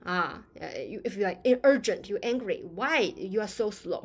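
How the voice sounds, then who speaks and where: A woman's voice: medium pitch, animated, normal speed, breathy edge. A woman teaching a lesson in English, explaining patiently with many fillers and acting out example phrases. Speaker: Chinese language teacher.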